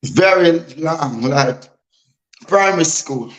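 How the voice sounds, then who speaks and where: A man's voice: on the high side, lively intonation, slow, low-quality recording. A man from Guyana with a Guyanese Creole accent, a DJ guest speaking bluntly and emphatically in an interview. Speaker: DJ and artist guest. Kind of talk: candid interview talk.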